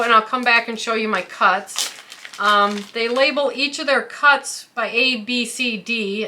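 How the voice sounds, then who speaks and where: A woman's voice: mid-range voice, pushed and bright, a little hiss or hum. A woman hosting a quilting tutorial who explains each step carefully, with the odd filler. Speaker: quilting channel host. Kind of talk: craft tutorial.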